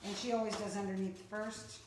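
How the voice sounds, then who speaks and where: A woman's voice: medium pitch, flat delivery, brisk, distant mic. A woman helping on a livestream, reading out viewer comments in a matter-of-fact way. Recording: echoey room, off-mic, noisy.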